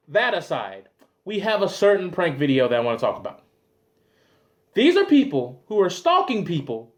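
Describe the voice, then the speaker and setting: A man hosting a commentary show, delivering a loud, exasperated, swearing comedic rant and acting out little scenes. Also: very high-pitched.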